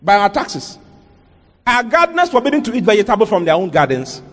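A male pastor preaches with a high, swooping voice that leaps all over its range. He hammers his points home with rhetorical questions and sharp interjections. The sound rings with long reverb, as in a church hall. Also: big pitch swings, fairly quick. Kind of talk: sermon.

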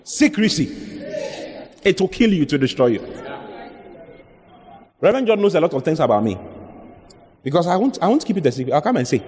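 A man's voice: on the high side, sing-song, a little fast, pauses often, a little mellow, a faint crowd. Emphatic preacher man in a reverberant hall. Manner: emphatic, repeats phrases while preaching. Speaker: pastor. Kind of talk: sermon.

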